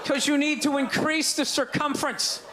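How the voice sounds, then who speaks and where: A man in his forties rants on stage in a loud, exasperated, mocking way, and his voice sits very high for a man. Laughter and chatter from the live club crowd fill the spaces between his lines, with steady room noise under it all. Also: normal speed. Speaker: stand-up comedian. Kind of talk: stand-up comedy rant. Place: comedy club stage before a live audience.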